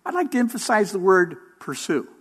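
A man preaching a sermon as interim pastor, measured and emphatic, with pauses for weight. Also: sits high, sing-song, fairly bright tone, breathy edge.

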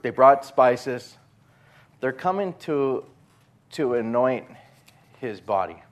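A man's voice: medium pitch, expressive, slow. A male pastor preaching a sermon in a conversational storytelling way, acting out the quotes.

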